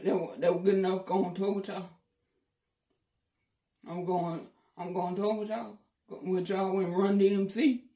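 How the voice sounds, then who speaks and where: A man's voice: high voice, little pitch movement, a little slow, long pauses, dark tone, far from the mic. A man joking around in a casual vlog, playful and teasing, repeating his lines. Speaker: vlogger. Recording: echoey room.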